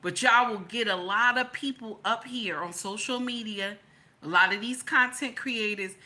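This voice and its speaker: Sharp-voiced woman, emphatic and slangy. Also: medium pitch, moderate pace. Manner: emphatic, repeats lines for stress; colloquial, slangy. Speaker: commentator. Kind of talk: casual opinion commentary.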